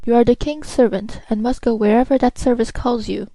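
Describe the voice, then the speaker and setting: A woman voicing a haughty, sharp-tempered older aristocratic mother who speaks imperiously, in a storybook reading. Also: fairly high pitch, fairly even intonation, a little fast, no echo, low-quality recording. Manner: imperious, scolding.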